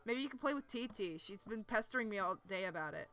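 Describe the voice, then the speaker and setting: A woman voicing a cool, deadpan teenage boy from Texas, trying for a drawled southern accent. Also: medium pitch, fast, natural voice. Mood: deadpan teasing. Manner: weak put-on southern drawl.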